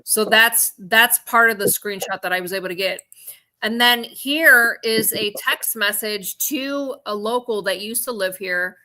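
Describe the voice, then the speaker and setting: A woman co-hosting a live stream, calmly reading through screenshots and texts. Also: mid-range voice, measured pace. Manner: matter-of-fact, reads out screenshots and texts. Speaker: co-host and auction seller. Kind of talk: live-stream talk walking through a timeline.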